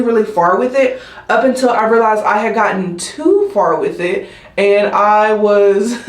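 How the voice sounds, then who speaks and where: A woman, chatting in a rambling vlog style, full of "like" and "um". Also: fairly high pitch. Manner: rambling, heavy use of "like" and "um". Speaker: nursing student vlogger. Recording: echoey room.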